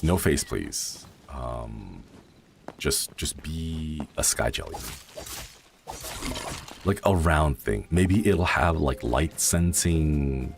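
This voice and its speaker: A man streaming a game from home and chatting casually. He is sleepy and yawning, and he muses dreamily with soft exclamations of delight. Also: a bass voice. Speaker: livestreamer. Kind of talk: casual gameplay commentary.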